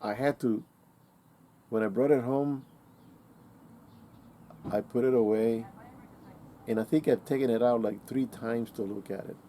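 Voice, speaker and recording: Man telling a rambling story, mellow voice. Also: medium pitch, fairly even intonation, a little slow, pauses often, a little hiss or hum. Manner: rambling, with many fillers and restarts, acts out quoted dialogue. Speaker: vlogger. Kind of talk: casual storytelling to camera.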